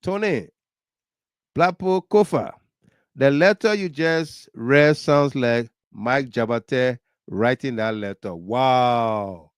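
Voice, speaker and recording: Animated Liberian male talk host. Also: mid-range voice, slow pace, clear, resonant tone, dry recording. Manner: animated, laughs often, reads viewer comments aloud. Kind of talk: political commentary livestream.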